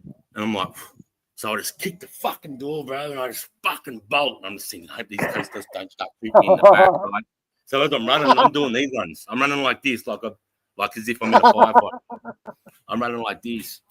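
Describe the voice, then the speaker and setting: An Australian podcast host tells a profane, animated story in a casual chat, doing the voices of the people involved. His medium-pitched voice moves fairly quickly with some vocal fry. The recording is low quality, with crowd noise behind him.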